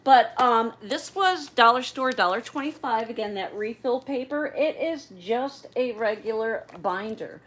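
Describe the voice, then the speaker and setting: A woman's voice: a little high, animated, a little slow, few pauses, fairly bright tone, rough recording. A middle-aged woman hosting a casual livestream, chatting and rambling as she talks straight to her viewers. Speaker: livestream host.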